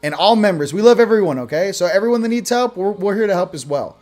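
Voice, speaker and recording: A male host giving a casual oracle card reading, with sarcastic joking asides and slow, emphatic stresses on the card words. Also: high voice, expressive, darkish tone.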